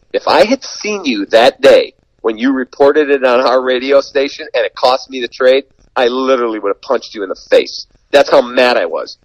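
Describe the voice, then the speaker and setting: Storytelling sports broadcaster, dry close sound. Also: male voice, mid-range voice, no echo, rough recording. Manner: animated anecdote teller, acts out quoted dialogue. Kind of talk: storytelling in a podcast chat.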